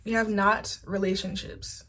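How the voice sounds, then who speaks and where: A woman giving a casual pick-a-card tarot reading, chatty and animated, swearing freely. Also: mid-range voice, a little slow. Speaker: tarot reader.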